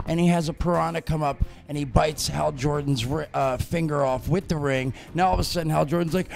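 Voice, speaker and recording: A man co-hosting a casual comic-book debate, laid-back and gravelly, throwing in goofy sound effects as he tells his ideas. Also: on the high side, fairly even intonation, a little fast, hardly any pauses, darkish tone. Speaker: co-host.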